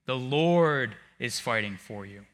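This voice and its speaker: A male preacher delivering a sermon, swinging from hushed tones to shouting. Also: medium pitch, expressive, slow pace. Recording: long hall reverb.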